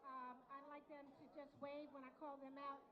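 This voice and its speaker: A woman's voice: high voice, flat delivery, moderate pace, muffled recording, a crowd in the background. A woman speaking at a luncheon from a microphone, chatty and talking straight to the audience. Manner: chatty, addresses the audience directly. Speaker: event speaker for a prosecutor's office unit. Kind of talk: speech at a luncheon. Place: large hall at a luncheon event.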